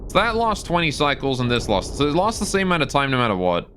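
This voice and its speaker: A man's voice: fairly high pitch, wildly swooping pitch, fast, a bit bright, a little hiss or hum. A man live-streaming a game, thinking aloud about his build and answering his chat.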